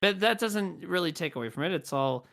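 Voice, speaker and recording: Gravelly, lively-voiced man joking around. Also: sits high, brisk, slight background noise. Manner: crude, joking, rambling. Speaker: podcast co-host. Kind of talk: casual chat.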